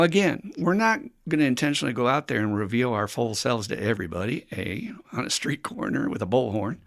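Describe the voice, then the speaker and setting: Gravelly, blunt male recovery podcast host. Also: mid-range voice. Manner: frank, blunt, swears, laughs often. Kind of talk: candid podcast talk on recovery.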